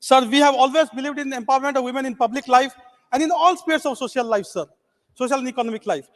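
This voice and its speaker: A man's voice: extremely high pitch, quick pace. A man from Odisha, giving a formal speech as a member of parliament and starting nearly every phrase with "sir". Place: large legislative chamber. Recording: long reverb of a large chamber.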